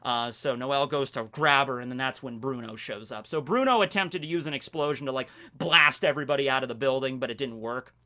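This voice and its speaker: A young man hosting a video, casually recapping a manga chapter in an animated, rambling way. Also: medium pitch, fairly quick, hardly any pauses. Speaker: video host reviewing a manga. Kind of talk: casual chat.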